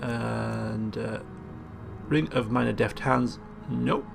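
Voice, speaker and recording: A man's voice: medium pitch, fairly even intonation, takes it slowly, creaky. A man giving chatty, joking commentary as he plays a video game. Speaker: let's play host. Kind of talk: casual gameplay commentary. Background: game music.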